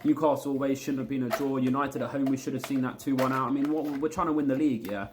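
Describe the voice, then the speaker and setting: A man's voice: mid-range voice, fairly even intonation, fast talker, background noise. A man vents in a football match review, heated and blunt, with the odd curse word. He circles back to the same points again and again as he argues his case. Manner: heated, repetitive, blunt with swearing. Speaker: football fan vlogger.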